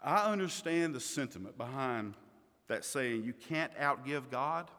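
A man preaching a sermon as pastor, emphatic, swinging between loud stresses and quiet asides. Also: mid-range voice, lively intonation, a little slow. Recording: long reverb of a hall.

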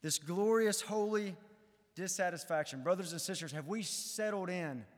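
A man preaching a sermon in a high, light voice, his words ringing out with a long reverb through a church sanctuary. He moves from earnest, rising emphasis to hushed, searching appeals to the congregation. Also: moderate pace. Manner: earnest, building to fervent emphasis then dropping low. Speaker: pastor.

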